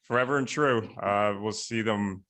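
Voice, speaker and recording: A young man hosts a casual chat by video call, his voice sitting a little low. He talks in a relaxed, halting way and leans on fillers and restarts. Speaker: podcast host.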